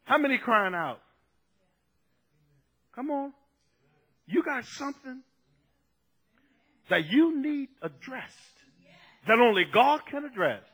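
High-voiced emphatic preacher man. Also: very animated, normal speed, pauses often. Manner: emphatic, repeats "listen" and "come on", swings from soft to shouting. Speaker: pastor. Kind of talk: sermon.

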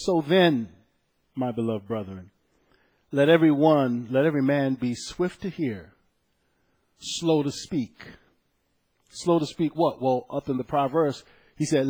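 A man preaching a conversational sermon, moving between scripture readings and personal stories in a lively way. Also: mid-range voice, husky. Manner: conversational, animated storytelling with scripture quotes.

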